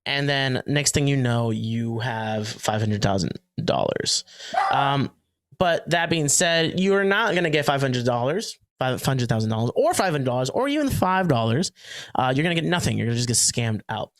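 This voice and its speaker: A man's voice: medium pitch, sing-song, moderate pace, dry recording. A man co-hosting a podcast in a casual, chatty way, joking around and using plenty of fillers and restarts. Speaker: podcast co-host. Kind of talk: casual chat.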